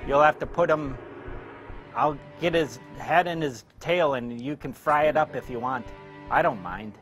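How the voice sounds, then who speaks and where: A gruff, boastful shark hunter haggling over his fee, as a man reads him in his own plain voice. The delivery is flat and card-read, more recitation than performance. The voice sits at an ordinary middle pitch. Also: measured pace, faint music behind, natural voice. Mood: gruff boasting. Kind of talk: amateur scene reenactment.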